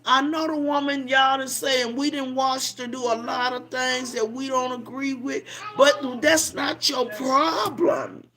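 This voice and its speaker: An older woman with a raised, gravelly voice speaks slowly on a casual livestream. She scolds and preaches at her viewers, stretching words out for emphasis. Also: sits high, fairly even intonation, fairly bright tone. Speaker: livestream host.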